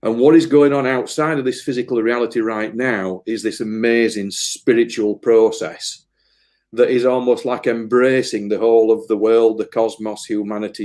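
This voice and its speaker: A man's voice: medium pitch, steady tone, moderate pace, darkish tone. A man, a medium giving an earnest, emotional interview, often repeating words as he rambles. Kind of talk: casual spiritual interview talk.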